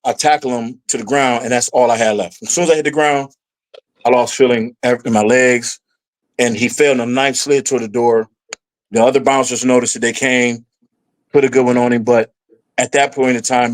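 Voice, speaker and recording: Man, middle-aged, podcast guest, casual storytelling, animated, mid-pitched voice. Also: brisk, poor audio. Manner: animated storyteller, voices his past self rising in pitch.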